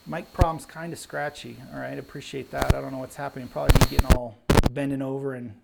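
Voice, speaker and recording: A man's voice: medium pitch, flat delivery, quick pace, creaky, very noisy. A man hosting a casual live Q&A stream, chatting and thinking aloud on a clip-on mic in an indoor room with some echo. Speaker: host of a craps channel live stream. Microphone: clip-on mic with pack.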